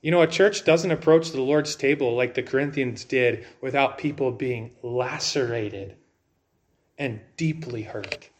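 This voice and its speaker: A man's voice: medium pitch, a little slow. A man preaching a sermon in a conversational way, asking rhetorical questions and using light humor. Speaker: pastor.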